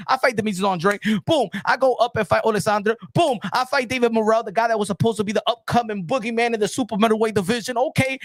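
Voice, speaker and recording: Boxing stream host, male, high and dry on a close mic, rambling and heated. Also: no room sound. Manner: rambling, animated, frequent "you know what I'm saying". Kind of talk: casual live-stream commentary.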